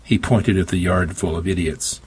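A man's voice: low-pitched, steady tone, moderate pace, darkish tone, slight background noise. A man reading a story aloud in a dry, wry first-person narration. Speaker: audiobook narrator. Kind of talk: scripted narration.

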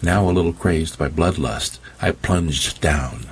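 Deep, husky male narrator, wry first-person audiobook reading, rough low voice. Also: a little slow. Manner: wry, sardonic storytelling.

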